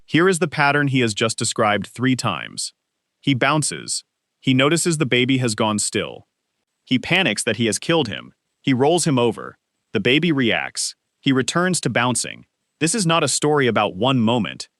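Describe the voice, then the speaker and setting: A man narrating a true-crime interrogation video in a measured, pointed voice-over. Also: mid-range voice, huge pitch swings, fairly bright tone, no echo, studio quality.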